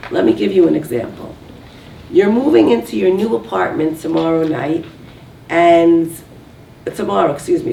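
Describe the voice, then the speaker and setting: A woman with a low, gravelly voice lectures to a live audience and keeps asking rhetorical questions. She is picked up from a distance in an echoey room, with a faint hiss underneath. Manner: lively, asks rhetorical questions. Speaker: speaker giving a talk on relationships. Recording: roomy, distant mic, faint noise.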